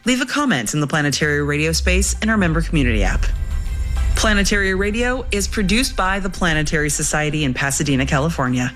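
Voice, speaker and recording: A woman hosting a space science podcast, enthusiastic and quick to laugh, also reading the show's outro. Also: low voice, lively intonation, a bit bright, soft background music. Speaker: podcast host. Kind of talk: casual podcast chat and read outro.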